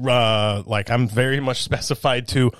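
A man's voice: medium pitch, fairly even intonation, measured pace, a bit bright, dry recording. A man co-hosting a casual podcast chat, enthusiastic and swearing casually. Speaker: podcast co-host.

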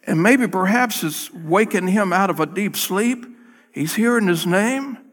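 Male pastor telling a bible story in a sermon, sharp bright voice, big echoey church. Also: sits high, lively intonation, unhurried. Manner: dramatic storytelling, acting out scenes. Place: church sanctuary.

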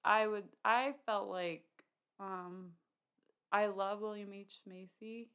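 A woman's voice: medium pitch, steady tone, slow pace, clear, resonant tone, muffled recording. A woman co-hosting a casual film discussion, chatty, with many fillers and restarts.

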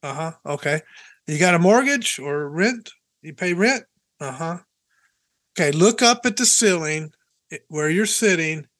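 Man, podcast co-host, high voice, joking, teasing, casual chat, dry recording. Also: expressive, unhurried, fairly bright tone, no echo. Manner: joking, teasing, chuckles often.

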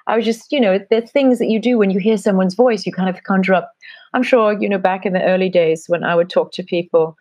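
A woman's voice: mid-range voice, steady tone, quick pace, a little mellow, no echo. A middle-aged woman guest with a mix of British and American accent, telling stories in a rambling, reflective way during an interview. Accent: mixed British and American. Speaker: guest, marketing strategist. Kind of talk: conversational interview.

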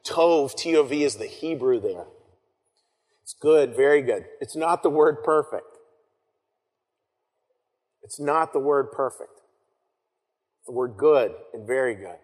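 A man preaching an Easter sermon as pastor, talking conversationally with frequent restarts and soft trailing phrases. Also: mid-range voice, expressive, measured pace, pauses often. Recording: long hall reverb.

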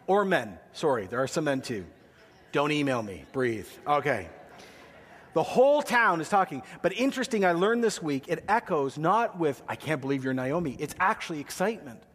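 Male pastor, sermon, fairly high voice, joking asides, long church-hall reverb. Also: big pitch swings, moderate pace, fairly bright tone.

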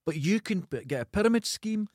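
A man's voice: high-pitched, animated, a little mellow, dry recording, clean studio sound. A Scottish man co-hosting a podcast in casual chat, breaking in with disbelieving questions. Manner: incredulous interjections, quick to laugh. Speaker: podcast co-host.

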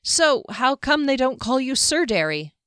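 A woman's voice: high-pitched, sing-song, measured pace, fairly bright tone, smooth, no echo, pitched above the performer's own voice, exaggerated voice. A woman voicing a sarcastic young woman traveler who teases dryly. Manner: dry, sarcastic, teasing.

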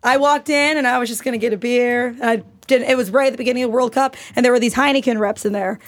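A woman's voice: a little high, fairly even intonation, quick pace. A young woman guest in a casual podcast chat, telling travel stories in an unfiltered, swearing way.

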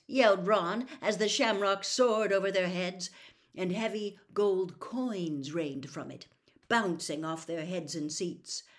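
A woman reads a storybook aloud at an unhurried pace. Her voice rises and falls expressively with the action. She sits at a middle pitch and takes her time over each sentence. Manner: slow, expressive reading. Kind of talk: storybook read-aloud narration.

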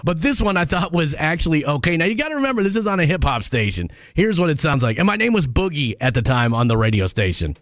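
A man's voice: fairly high pitch, very animated, fast, hardly any pauses, fairly bright tone, no echo. A man hosting a radio morning show in a studio, chatting casually and poking fun at himself. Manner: chatty and self-deprecating. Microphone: studio microphone.

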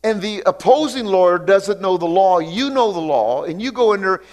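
A man preaching a sermon. He reads scripture aloud, comments on it, and mixes in call-outs and repeated hallelujahs, sometimes slowing down to stress words. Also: high voice, expressive. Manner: sudden stretches of slow, drawn-out emphasis. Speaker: pastor.

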